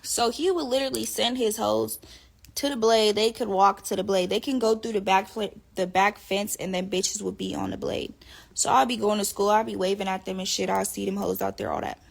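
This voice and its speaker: A woman casually telling a profane, animated story to her viewers, laughing often. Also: mid-range voice, a little fast, creaky. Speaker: live streamer talking to viewers.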